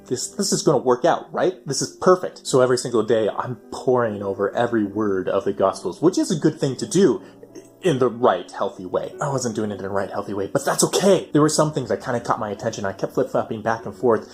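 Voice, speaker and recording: Animated young man telling a story. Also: medium pitch, a little fast, soft background music. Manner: animated, swinging from loud excitement to near whispers. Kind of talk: personal storytelling.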